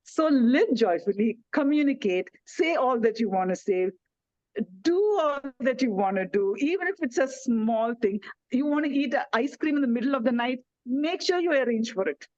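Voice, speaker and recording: A woman speaking gently and reassuringly from India over a video call, giving wellness advice to elders. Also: high voice, expressive, moderate pace, no room sound. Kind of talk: online talk to elders. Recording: dull lo-fi video call audio.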